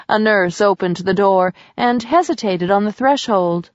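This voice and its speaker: A woman reading an audiobook as narrator, in a measured way, in a slightly muffled recording. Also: medium pitch, no room sound. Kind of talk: scripted narration.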